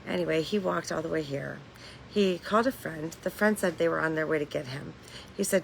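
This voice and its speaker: A woman's voice: sits low, fairly quick, vocal fry, slight background noise, low-quality recording. A woman hosting a casual livestream from home, talking candidly in a rambling way, swearing freely and laughing between lines. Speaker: livestream host.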